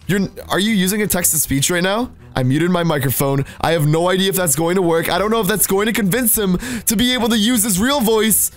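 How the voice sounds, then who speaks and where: An excitable male gaming host with a high voice. He talks to viewers in bursts, his pitch leaping up and down. Faint music plays under him. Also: a little fast, few pauses. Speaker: Minecraft video host.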